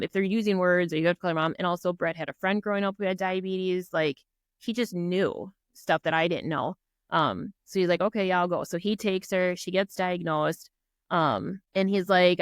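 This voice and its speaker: In a dry, clean studio recording, a middle-aged Minnesotan woman with a lowish voice shares a personal story as a podcast guest. Earnest and animated, she acts out quoted dialogue and leans on fillers such as "like" and "um."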